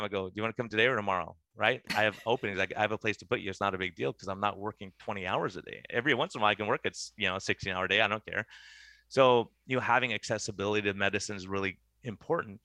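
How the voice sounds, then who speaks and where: A man's voice: on the low side, sharp tone, no room sound. A middle-aged man, a physician guest, telling stories in conversation and animatedly acting out the dialogue he quotes. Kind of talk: conversational storytelling.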